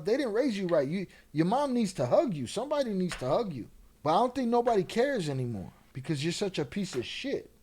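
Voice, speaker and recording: A man's voice: fairly high pitch, a little mellow. A man hosting his own channel, delivering an angry, profane, taunting commentary rant at a rival. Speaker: channel host.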